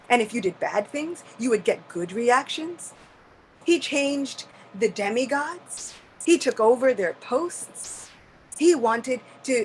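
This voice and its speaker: A woman's voice: on the high side, slight background noise, poor audio. A woman voicing Lord Brahma, an elderly male creator god who earnestly blames himself, in a devotional story. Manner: self-reproaching, earnest, emphatic.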